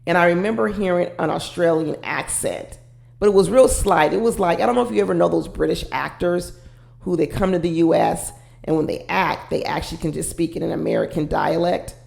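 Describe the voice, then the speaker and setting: A woman's voice: lowish voice, brisk, creaky, a little mellow, reverberant. A woman commenting casually and with firm opinions on a reality show, talking straight to her viewers.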